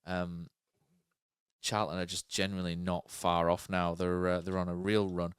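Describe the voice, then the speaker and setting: A man's voice: low-pitched, monotone, normal speed, clean tone, no room sound, studio quality. A man co-hosting a podcast, chatting casually about football and thinking aloud with many fillers and tag questions. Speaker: podcast co-host.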